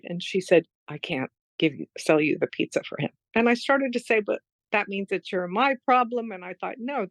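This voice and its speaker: A woman's voice: medium pitch, creaky, dry recording, poor audio. A middle-aged woman telling a heartfelt personal story as a podcast guest, earnest and emotional. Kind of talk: storytelling in a conversation.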